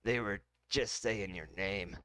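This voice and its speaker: Man doing a big-bellied mechanic guy, plain easygoing talk, low voice, dry sound. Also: slow, pushed and bright, clear, resonant tone, no room sound. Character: large-bellied middle-aged mechanic, flight deck chief.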